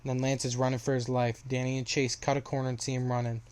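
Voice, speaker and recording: A young man walks through a story in a loose, casual recap. His delivery is flat and even, and he trips over his words and circles back as he goes. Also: medium pitch, fast talker, clear, resonant tone. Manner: rambling, filler-heavy retelling with restarts.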